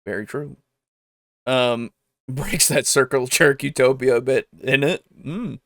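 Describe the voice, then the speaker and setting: A man's voice: mid-range voice, a little slow, fairly bright tone, dry recording, studio quality. A young man co-hosting a casual tabletop gaming podcast, chatty and enthusiastic, laughing often and talking through fillers. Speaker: podcast co-host. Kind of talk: casual chat.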